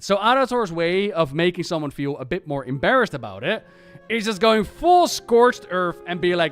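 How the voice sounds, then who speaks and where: A man streamer chatting casually about game lore in an animated, ranting and profane way. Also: sits high, a little fast, faint music behind.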